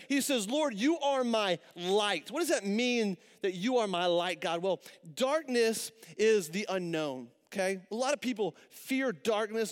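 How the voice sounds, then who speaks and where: A man's voice: high-pitched, clear, resonant tone. A man in his thirties preaching a sermon as pastor, telling stories in a conversational way and asking the listeners questions. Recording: long reverb of a large hall.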